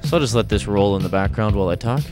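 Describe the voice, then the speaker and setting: Man hosting a homemade computer demo; low, offhand and rambling, recorded on an old home video with loud music playing behind him. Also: expressive, racing. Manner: offhand, rambling, trailing asides. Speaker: home video presenter demonstrating computer audio. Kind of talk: casual demo commentary.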